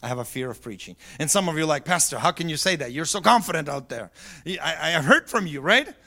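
A middle-aged pastor preaching a sermon, moving between quiet, low talk and loud yelled peaks. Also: male voice, expressive, fast talker, creaky. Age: middle-aged or older. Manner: swings from soft and low to yelling at high pitch.

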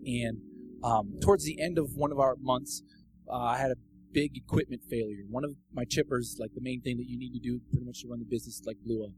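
A man giving a casual, personal sermon testimony that builds into fervent, loud preaching. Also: medium pitch, steady tone, brisk, noisy background.

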